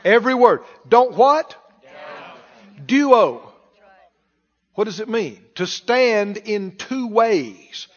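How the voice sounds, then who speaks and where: A man's voice: sits high, animated, extremely slow, pauses often, in a large hall, dull audio. A male preacher giving a sermon and asking the congregation rhetorical questions.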